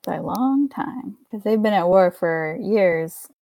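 A woman guesting on a podcast in casual film review chat, animated and quick to laugh. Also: mid-range voice, gravelly, no room sound.

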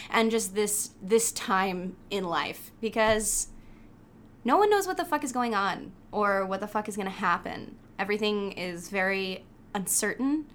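Young female co-host, bright edge, upbeat chatty delivery, casual swearing. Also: medium pitch, a little hiss or hum. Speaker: podcast co-host. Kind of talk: casual podcast chat.

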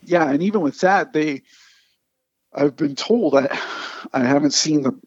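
A man, a comic artist, telling animated anecdotes in casual conversation and acting out the people he quotes. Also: a little high, a little slow, slightly rough, dry recording, muffled recording. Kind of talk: casual storytelling.

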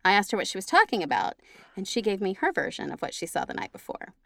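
A woman's voice: mid-range voice, wildly swooping pitch, fast talker, gravelly, fairly bright tone, no room sound. A woman co-hosting a casual chat, reading spooky stories and teasing her co-host bluntly. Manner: blunt, teasing, swears freely.

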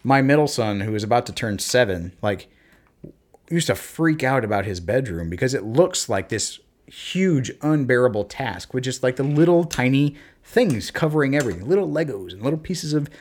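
A man in casual conversation, telling parenting stories and acting out talks with his kids in lively bursts. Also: mid-range voice, moderate pace. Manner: animated storyteller, acts out talks with his kids. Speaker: podcast co-host, parent. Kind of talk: casual chat.

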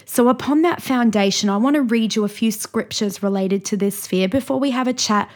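An Australian woman pastor hosting a teaching talk, reading out lists with energy and emphatic pauses. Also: fairly high pitch, darkish tone. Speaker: pastor and host.

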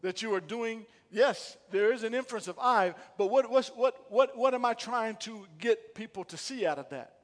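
A man preaching with a high, bright-pitched voice, calling out questions to his congregation and building to loud emphatic lines. His words ring out with a long hall reverb from the sanctuary. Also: moderate pace, hardly any pauses. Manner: call-and-response preaching, rising to emphatic bursts. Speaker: pastor. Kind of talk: sermon. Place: church sanctuary.

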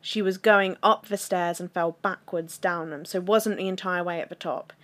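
A woman's voice: lowish voice, moderate pace. A woman co-hosting a podcast in casual chat. She teases her co-host and laughs often. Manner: laughs often, teasing and animated.

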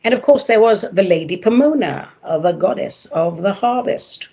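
Husky, theatrical woman radio host. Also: mid-range voice, lively intonation, normal speed, darkish tone. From not from America, moved there. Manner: playful, dramatic, sing-song emphasis. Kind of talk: theatrical solo radio talk.

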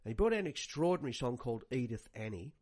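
An actor playing a rambling older radio host who repeats words and stalls on fillers. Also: male voice, medium pitch, big pitch swings, racing, a little mellow. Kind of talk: comic radio banter.

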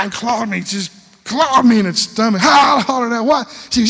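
A man's voice: high-pitched, fairly quick, long pauses, a bit bright, slight background noise. A middle-aged man preaching a sermon, telling a folksy story and laughing often. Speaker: pastor. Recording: long hall reverb.

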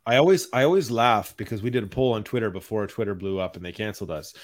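A man hosting a podcast, delivering a calm, mild-mannered rant in casual chat. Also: fairly low pitch, quick pace. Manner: even-toned, mild-mannered ranting. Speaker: podcast host.

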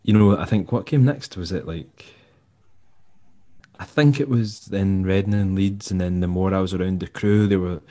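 A Scottish man, a musician and tour manager, telling stories in a relaxed, rambling way and acting out the people he quotes. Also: deep voice, moderate pace. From Scotland. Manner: rambling, laid-back, acts out quoted dialogue. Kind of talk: casual storytelling interview.

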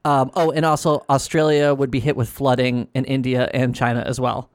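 A man's voice: medium pitch, little pitch movement, moderate pace, dry recording. A man co-hosting a podcast in casual chat, dry and teasing. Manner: wry, teasing. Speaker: podcast co-host.

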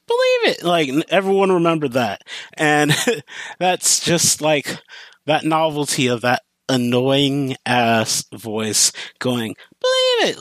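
Male podcast host, casual and rambling, slightly high voice that swings a lot, dry sound. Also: dry recording. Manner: rambling, full of fillers and restarts, animated rants. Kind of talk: casual chat.

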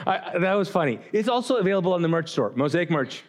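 This pastor's voice sits high and sing-song, moving at a quick pace with few pauses while some chatter carries in the background. Joking and casual, he preaches to a live congregation in a church auditorium, getting them to call back answers.

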